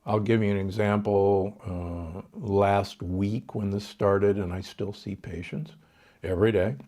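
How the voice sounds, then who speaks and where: Speaking at a measured pace in a fairly low, steady, warm voice, an older man who is a doctor gives health advice as a podcast guest. He sounds authoritative, works in figures, and frequently restarts his sentences.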